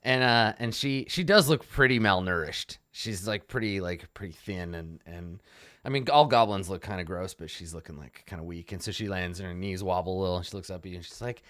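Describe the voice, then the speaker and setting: A game master narrating a tabletop game in a relaxed, halting way with many fillers. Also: sits low, no room sound, clean studio sound.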